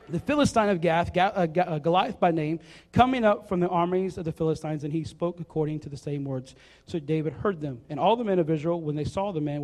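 A man's voice: a little high, a little mellow, in a large hall. A man preaching casually, reading scripture and joking with the crowd between verses, with lots of fillers. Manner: jokey, chatty, fillers, asks the crowd to repeat words. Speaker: youth preacher. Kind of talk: casual sermon with Bible reading.

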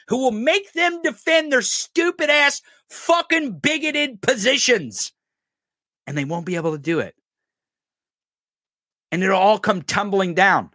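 A man hosting a podcast, giving a loud, profane, mocking political rant. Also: high-pitched, dry recording, studio quality. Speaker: podcast host.

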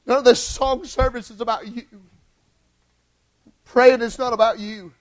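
Man preaching a sermon in church, high voice, goes from quiet to yelling. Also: fairly even intonation, measured pace, long pauses, poor audio. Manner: impassioned, swings from hushed to shouting.

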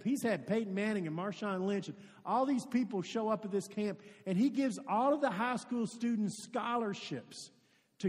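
High-voiced preacher man in a reverberant hall. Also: a little mellow. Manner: earnest storytelling preacher who addresses the congregation directly. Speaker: pastor. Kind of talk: sermon. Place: church sanctuary with a congregation.

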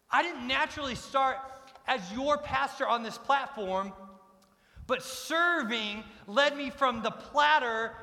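A man's voice: extremely high pitch, pushed and bright. A middle-aged man preaching a sermon as pastor, emphatic and repeating his key lines. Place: church sanctuary. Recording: long reverb of a large church hall.

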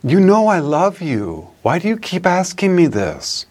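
A man's voice: sits high, huge pitch swings, measured pace, darkish tone, pitched above the performer's own voice, exaggerated voice. A man voicing an earnest apostle who protests his love emphatically, in a pleading manner. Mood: hurt.

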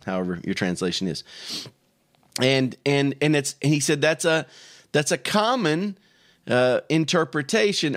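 A man's voice: mid-range voice, a bit bright. A middle-aged man preaching a sermon as pastor, talking in a conversational way with frequent restarts and repeated words.

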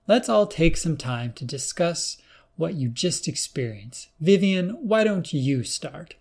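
A man's voice: a little high, big pitch swings, slow pace, a little mellow, slightly rough, pitched above the performer's own voice, exaggerated voice. Man reading older male professor, balding, genial, welcoming, audiobook. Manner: genial, hosting.

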